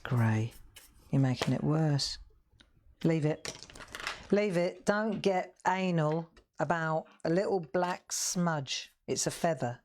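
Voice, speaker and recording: A woman's voice: sits low, expressive, slow, a little mellow, slight background noise. A woman hosting a live craft stream, telling rambling anecdotes as she colours. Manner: rambling, chatty storytelling with laughs. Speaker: craft show host. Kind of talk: casual live-stream chat while colouring.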